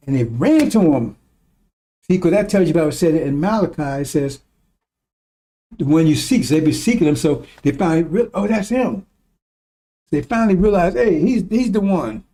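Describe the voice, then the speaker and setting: A man's voice: on the high side, dark tone. A man giving a rambling, emphatic religious talk, swearing when he gets worked up. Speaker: religious teacher. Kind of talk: informal religious teaching.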